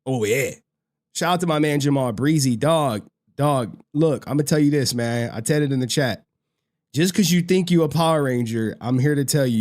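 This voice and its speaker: A man hosting a livestream, reading super chats in excitable, slangy commentary that breaks into shouts and laughter. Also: mid-range voice. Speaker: livestream host.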